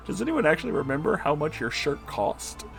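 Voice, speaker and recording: A man's voice: fairly high pitch, sing-song, moderate pace, vocal fry, a bit bright, soft background music. A young man reading fan fiction aloud with sarcastic, mumbled asides and casual swearing. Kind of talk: comedic dramatic reading with commentary.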